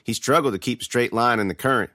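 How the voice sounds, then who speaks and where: A man's voice: medium pitch, fast, pushed and bright, dry recording, clean studio sound. A man giving a dramatic first-person reading of a scripted horror tale. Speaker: storyteller.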